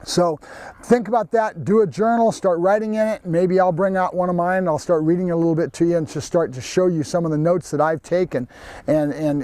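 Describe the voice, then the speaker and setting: A man's voice: on the high side, darkish tone, no room sound. A man, a professional dog trainer, explaining his training methods plainly and directly to viewers. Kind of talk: instructional training video.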